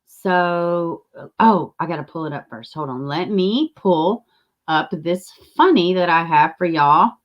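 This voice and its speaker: Woman, livestream host, low-pitched, rambling and chatty, swears freely. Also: expressive, a little slow, muffled recording. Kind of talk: casual livestream chat.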